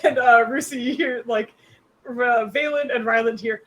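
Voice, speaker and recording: A woman's voice: fairly high pitch, fairly even intonation, moderate pace, a bit bright, poor audio. A young woman narrating as game master in a rambling, filler-heavy, giggly way.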